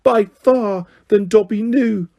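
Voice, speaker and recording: A man voicing a shrill, excitable male house-elf who speaks of himself in the third person. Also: slow pace, gravelly, heavily acted. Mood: earnest.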